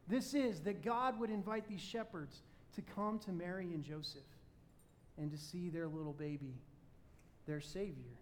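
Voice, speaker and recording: A man delivering a sermon in a high, light voice. He tells his stories with energy, jumping between loud enthusiasm and quiet, pointed moments. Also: moderate pace. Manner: animated storytelling, swings between loud excitement and quiet emphasis. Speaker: pastor.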